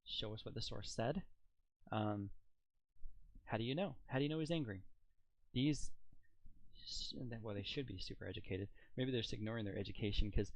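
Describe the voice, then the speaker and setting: A man's voice: on the low side, moderate pace, vocal fry, long pauses, no echo, rough recording. A man giving casual video commentary, rambling with fillers and mocking rhetorical questions. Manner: incredulous and mocking. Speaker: political commentator.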